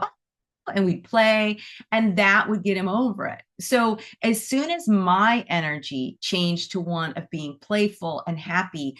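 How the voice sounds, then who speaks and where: A woman with a fairly low voice talks informally to a class about animal Reiki. She is chatty, leans on "like" and "you know," and slips into little quoted voices to act out what people think and say. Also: fairly bright tone. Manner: chatty, acts out inner dialogue in quoted voices; frequent "like" and "you know" fillers. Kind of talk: casual spoken talk to a class.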